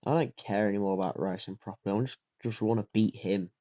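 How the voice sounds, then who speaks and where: A young man giving casual, excitable gameplay commentary, swearing and trash-talking while racing. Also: fairly low pitch, quick pace, lo-fi sound. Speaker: gaming video creator.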